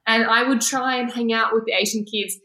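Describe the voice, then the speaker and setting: A woman's voice: on the high side, fairly even intonation, fairly quick, pushed and bright, roomy sound. A woman, a guest talking candidly in a casual interview and laughing often. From Australia. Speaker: guest, former pageant winner.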